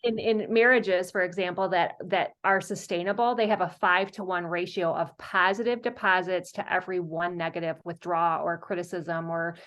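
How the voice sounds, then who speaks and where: Expressive middle-aged woman guest. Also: lowish voice. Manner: expressive, earnest, talks in quick bursts. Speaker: podcast guest, counselor. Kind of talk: casual conversation.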